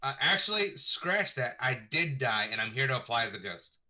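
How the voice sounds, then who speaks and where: Bright-voiced joking man at a tabletop game. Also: medium pitch, sing-song, normal speed. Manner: joking, laid-back. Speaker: player.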